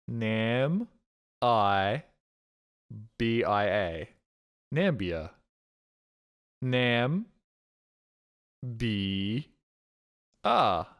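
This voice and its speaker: A man streaming while he plays a game, rambling casually and jokily, swearing often and getting defensive. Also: mid-range voice. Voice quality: profane, jokey, defensive.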